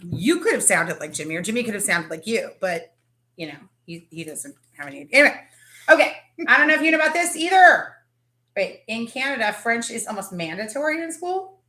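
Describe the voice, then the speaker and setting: A woman hosts a casual live chat, greeting viewers as they drop in. Her voice sits fairly high, and the room around her rings with echo. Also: sing-song, a little fast, pushed and bright. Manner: chatty, greets viewers by name. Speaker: livestream host.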